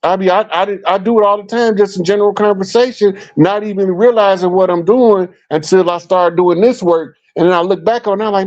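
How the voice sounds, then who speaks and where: A middle-aged man from Chicago tells stories casually and animatedly, acting out what people said. His voice sits fairly high for a man, and the stream audio sounds dull and lo-fi. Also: moderate pace. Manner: animated storyteller, acts out quoted remarks. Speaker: guest speaker. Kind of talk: casual storytelling talk.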